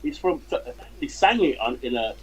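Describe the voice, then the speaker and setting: A man calling into a casual chat show over video, jokey and animated when telling stories. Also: medium pitch, normal speed, poor audio. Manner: animated storyteller, does funny voices in anecdotes, jokey. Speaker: guest caller. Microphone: video call.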